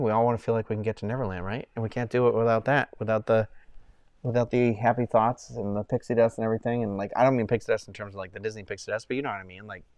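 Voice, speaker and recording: A man's voice: mid-range voice, no room sound. A young man chatting casually to viewers on a live stream, rambling and heartfelt, with many fillers and restarts.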